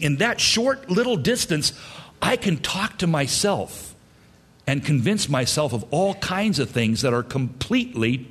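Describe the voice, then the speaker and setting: A man's voice: on the high side, a bit bright, breathy edge. A man preaching a sermon in an emphatic, repetitive way. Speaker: pastor.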